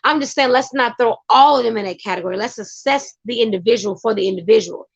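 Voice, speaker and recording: High-voiced emphatic woman, lo-fi sound. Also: fast, creaky, husky. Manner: emphatic, excitable, talks to her partner off-camera. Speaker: vlogger. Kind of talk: casual commentary.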